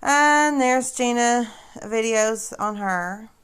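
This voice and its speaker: A woman's voice: a little high, slow pace, a bit bright, smooth. A woman hosting a casual livestream, talking straight to her viewers in a sarcastic, mocking way. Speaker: livestream host.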